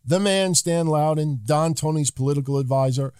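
A man co-hosting a podcast, reading listener names and giving calm, measured opinions in casual chat. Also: on the high side, clear, resonant tone, no room sound, clean studio sound. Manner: calm, measured, occasionally swearing. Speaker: co-host.

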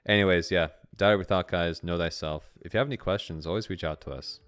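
A man's voice: low-pitched, fast talker, fairly bright tone, clean tone, no echo, faint music behind. A man co-hosting a podcast in casual chat. He laughs often and acts out the voices in his own head. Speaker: podcast co-host.

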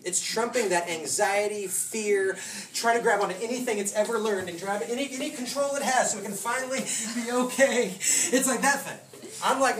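A man's voice: high voice, moderate pace, crowd noise. A man preaching a casual sermon, telling stories with laughs and voiced asides. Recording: roomy hall from a distant mic with noise.

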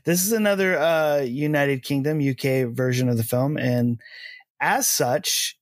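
Podcast host, rambly and giggly, slow talker, dry room. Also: mid-range voice, no room sound. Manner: rambling, laughs often, stumbles on names. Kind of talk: casual chat.

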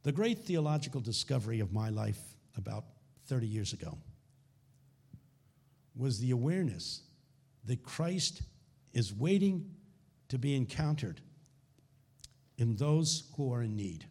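A man giving a conference keynote sermon, telling stories dramatically and dropping to hushed lows. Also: sing-song, measured pace, vocal fry, long pauses, slightly rough. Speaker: keynote speaker. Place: conference hall.

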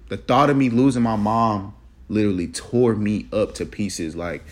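A young man in college, telling a personal story in a casual, halting, reflective way, with many fillers and restarts. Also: lowish voice. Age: young adult.

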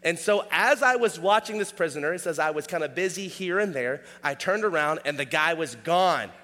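Casual preacher with hall reverb. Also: male voice, fairly high pitch, lively intonation, moderate pace, bright, forceful tone. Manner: casual, conversational, checks in with "all right?". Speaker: pastor. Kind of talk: sermon.

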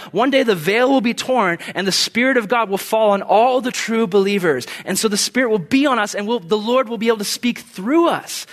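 A young man preaching a casual, animated sermon, telling stories and breaking into shouted bursts. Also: high-pitched. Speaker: pastor.

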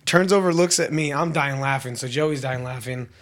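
A young man co-hosting a casual podcast, telling a story with lively mimicry of other people. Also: normal speed. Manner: animated storyteller, mimics others with sudden high voices. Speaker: podcast co-host.

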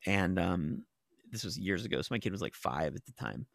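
Gravelly low-voiced middle-aged man rambling. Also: very animated, brisk, fairly bright tone, no echo, studio quality. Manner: rambling storytelling full of "like" fillers and profanity. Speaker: TV writer and novelist. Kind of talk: casual podcast chat.

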